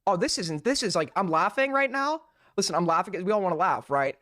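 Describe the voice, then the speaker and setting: A man's voice: high voice, sing-song, fast talker, sharp tone, no echo, clean studio sound. A man hosting a live stream, mocking what he watches in profane, ranting commentary. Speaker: streamer host.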